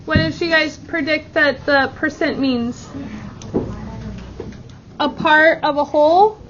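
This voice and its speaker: A woman's voice: high voice, steady tone, background noise. A woman teaching a classroom vocabulary lesson, upbeat and encouraging. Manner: upbeat, encouraging, slow and clear. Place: school classroom. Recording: muffled classroom audio with chattering kids.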